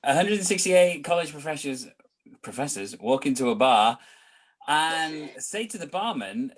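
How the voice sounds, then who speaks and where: A man's voice: on the high side, sing-song, normal speed. A man telling improvised bar jokes and voicing the barman for his punchlines. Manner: punchline delivery with voiced barman lines. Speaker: improv performer.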